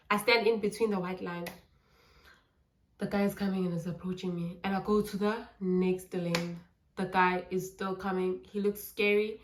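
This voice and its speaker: A woman's voice: lowish voice, echoey room. A South African woman telling a personal story for her vlog, acting out what she and others said. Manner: animated storytelling, acting out her own past lines. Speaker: YouTuber.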